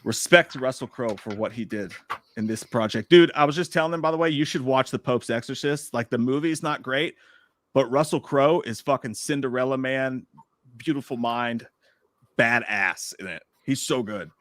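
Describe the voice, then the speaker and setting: Sweary guy ranting on his live stream, animated and jokey, dry close sound. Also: medium pitch, normal speed, no room sound. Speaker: host. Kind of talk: casual live-stream chat.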